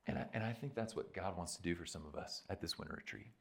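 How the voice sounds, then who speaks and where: Man, preacher, retreat sermon, fairly low voice, emphatic, chatty asides. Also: fast talker, vocal fry, a bit bright, breathy edge. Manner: conversational and emphatic, tags points with "right?".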